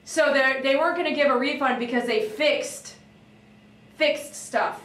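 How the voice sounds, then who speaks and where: A woman dog groomer chatting on a livestream, reading viewer comments and telling stories in an animated, excitable way that breaks into shouts. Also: high voice, measured pace, far from the mic. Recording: echoey room, voice away from the mic.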